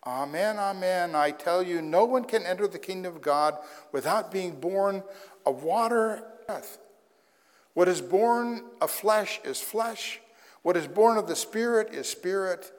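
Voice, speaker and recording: A man preaching a sermon as pastor in a conversational way, with wry asides. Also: on the high side. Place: church sanctuary. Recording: long hall reverb.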